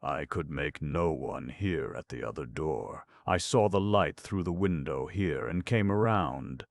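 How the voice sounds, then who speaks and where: A gentle, frail officer pleads in a hoarse, hesitating voice, weak from a lingering cough, as a man reading a storybook puts him on. His words come slowly and wearily. The recording is dry. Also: a bass voice, expressive, dry recording, heavily acted. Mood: weary pleading.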